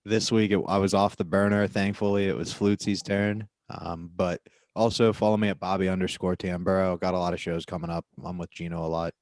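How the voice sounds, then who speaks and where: Man, podcast guest, lowish voice, dry sound, wisecracking. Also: level tone, brisk, few pauses, a little mellow, dry recording. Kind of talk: casual comedy podcast banter.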